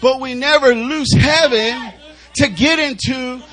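A man's voice: extremely high pitch, slow pace, fairly bright tone, rough recording. A male preacher delivering an emphatic sermon, repeating phrases as he urges the congregation on. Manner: emphatic, repetitive, urging the congregation.

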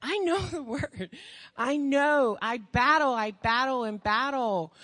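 An impassioned woman preaching with a high, bright, sharp voice, pausing between unhurried phrases. She piles up rhetorical questions and swings from near-whispers to shouts. Her voice rings out with the long reverb of a large hall. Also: expressive. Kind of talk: sermon.

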